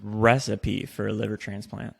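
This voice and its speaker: A man's voice: on the low side, little pitch movement, normal speed, creaky, slightly rough. A man co-hosting a podcast in casual chat, joking and swearing freely. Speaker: podcast co-host. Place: in Austin.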